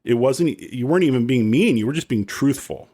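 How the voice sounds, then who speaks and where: A man's voice: mid-range voice, animated, brisk, mellow. A man hosting a podcast, earnestly telling a story about lessons with his former teacher in a grateful way. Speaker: podcast host, former student of the guest. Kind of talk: casual podcast conversation.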